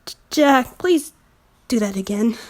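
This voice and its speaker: Squeaky stammering fanfic heroine, over-the-top pleading, put on by a woman reader. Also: expressive, measured pace, a little mellow. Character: breathless young woman lover in a fanfic.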